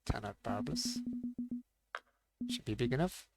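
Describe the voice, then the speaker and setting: A man's voice: mid-range voice, expressive, measured pace, vocal fry, loud music behind the voice. A man streaming a fishing game, thinking aloud and muttering to himself as he plays. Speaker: gaming streamer. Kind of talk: casual live-stream commentary.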